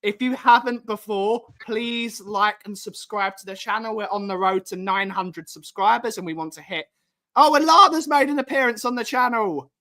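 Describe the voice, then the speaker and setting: A man's voice: high voice, moderate pace, sharp tone. A man hosting a casual live stream chat, talking upbeat and addressing the audience. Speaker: host.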